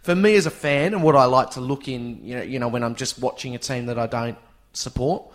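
Mid-pitched male host, eager and joking, casual chat. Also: brisk. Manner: enthusiastic, jokey, prone to laughing asides. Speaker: podcast host.

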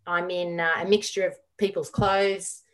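A middle-aged woman, a guest on an interview show, telling a lively story full of quoted dialogue. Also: fairly low pitch, normal speed. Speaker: guest, former squash champion.

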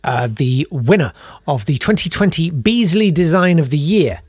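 A man's voice: fairly high pitch, lively intonation, normal speed, slightly rough, dry recording, studio quality. A man hosting a casual news chat, sarcastic and rambling, full of ums and uhs. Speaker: host.

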